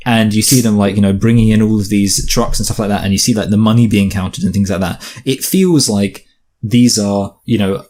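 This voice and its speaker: A man with a fairly low voice co-hosting a relaxed film review chat. He thinks aloud as he goes, piling up fillers and restarts while he works through his points.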